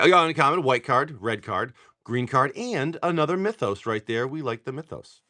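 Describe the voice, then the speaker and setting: Tired guy cracking packs live, bright voice that jumps all over, excitable, cusses a lot. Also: medium pitch, moderate pace. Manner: excitable, swears and laughs, talks to viewers by name. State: tired from poor sleep. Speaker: livestream card seller. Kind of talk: casual live-stream chat while opening card packs.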